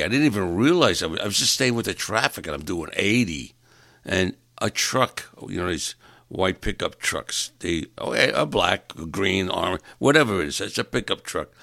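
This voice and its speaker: Exasperated deep-voiced comic ranting. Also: male voice, gravelly, bright, forceful tone, dry recording, studio quality. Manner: exasperated, ranting, repeats words when stuck. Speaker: stand-up comedian. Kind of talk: rambling comic monologue.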